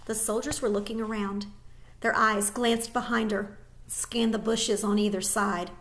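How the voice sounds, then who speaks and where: A woman teacher reading a children's novel aloud to her class, expressive and with small slips. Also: medium pitch, unhurried.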